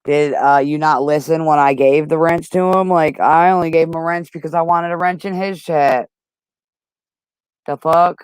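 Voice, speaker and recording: A man's voice: on the high side, fairly even intonation, normal speed, smooth, no room sound. A man hosting a livestream, arguing with chat in a heated, profane, casual way. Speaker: livestream host.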